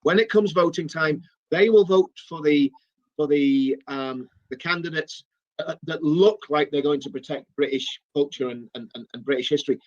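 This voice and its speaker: A man delivering an indignant political monologue, his pitch a little high. He stumbles and repeats words. The audio is dull and lo-fi. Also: normal speed. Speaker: political commentator in a played clip.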